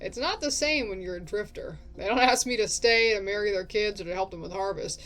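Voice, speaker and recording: A man's voice: high voice, a little fast, bright, forceful tone. Woman putting on a laid-back bro drifter. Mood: easygoing. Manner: easygoing, slangy.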